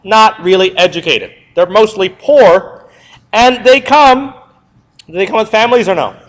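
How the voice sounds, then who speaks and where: In this poor-quality recording, a young man who teaches history runs a classroom review lecture. His voice is high and a little slow, and he keeps things lively by quizzing students and then answering his own questions.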